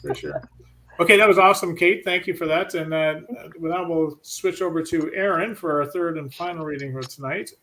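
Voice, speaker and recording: Middle-aged man, fairly high voice, casual host, laughs and trips over names. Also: expressive, fairly quick, pushed and bright. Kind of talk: casual livestream chat.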